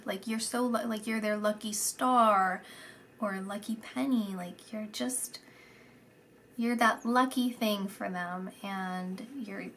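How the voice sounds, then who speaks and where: A woman giving a channelled psychic reading, soft and meandering, repeating words and sometimes dropping into a whisper. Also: medium pitch, slight background noise. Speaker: psychic reader.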